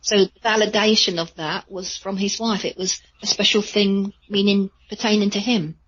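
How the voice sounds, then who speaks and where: A woman, a psychic medium, telling chatty, rambling stories in a radio interview with a husky voice. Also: mid-range voice, little pitch movement, moderate pace, highs cut off. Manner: chatty, rambling with many fillers.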